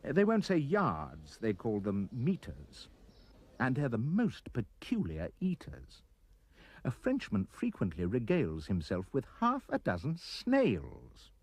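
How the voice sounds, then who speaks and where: A male storyteller reading a rhyming children's tale with expressive delivery. His pitch leaps around animatedly and his tone is a little husky. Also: no room sound.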